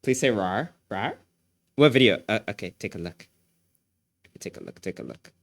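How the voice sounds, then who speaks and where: Excitable male streamer, dry close sound. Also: lowish voice, moderate pace, gravelly, dry recording. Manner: excitable, repeats phrases, laughs often. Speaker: livestreamer. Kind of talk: casual chat with viewers.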